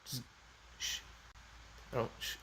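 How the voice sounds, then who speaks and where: A man's voice: slow pace, sharp tone. A young man hosting a casual livestream, joking around and reading viewer comments aloud. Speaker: livestream host.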